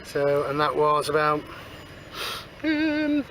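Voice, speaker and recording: A man's voice: on the high side, sing-song, takes it slowly. A man giving casual, cheeky running commentary while metal detecting in a field. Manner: chatty, cheeky asides, says moving on a lot. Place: outdoors in a field. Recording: outdoor noise behind.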